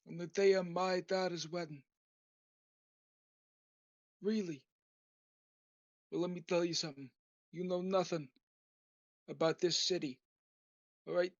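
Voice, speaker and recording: A man voicing an aging, menacing mafia boss in a gruff mock-gangster drawl, recorded on a dull lo-fi setup. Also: sits high, darkish tone, dry recording. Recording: dull lo-fi dry home recording.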